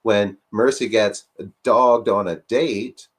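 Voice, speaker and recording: A man with a fairly low voice talks through a casual discussion. He pushes his points with rhetorical questions and leans on fillers. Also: fairly even intonation, takes it slowly.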